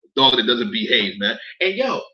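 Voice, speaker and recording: A man rants on a livestream, with a lively voice that swings all over. His tone is bright and forceful, and he keeps repeating phrases and swearing. The stream audio sounds dull and lo-fi. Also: medium pitch, normal speed. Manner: heated, profane, repeats phrases, talks to chat. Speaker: livestream commentator. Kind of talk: casual livestream rant.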